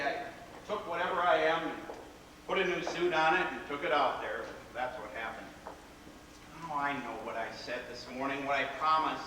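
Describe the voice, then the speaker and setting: A man's voice: on the high side, natural voice. An actor playing a whimsical, rebellious grown man, telling stories with theatrical, playful flourishes in a live stage play. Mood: rueful. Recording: echoey theater hall from far off, faint noise.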